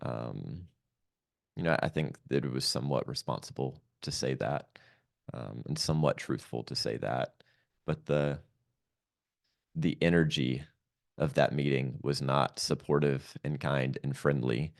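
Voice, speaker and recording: A man, a podcast guest, telling a painful personal story in a reflective, halting way with many pauses. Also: rumbling low, creaky, no echo, clean studio sound.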